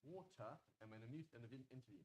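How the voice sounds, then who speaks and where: Quick-talking British man teaching. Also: mid-range voice, mellow, slight background noise, low-quality recording. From Britain. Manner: conversational, frequent "right?" checks. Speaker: Quranic Arabic teacher. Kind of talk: live class teaching.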